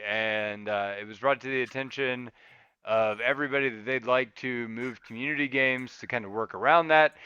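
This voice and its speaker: A bright, crisp male podcast host on a dry close mic. He rambles through announcements in a loose, easygoing way, with a slightly higher voice than most men. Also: no echo, highs cut off. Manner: rambling, laid-back. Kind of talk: casual chat.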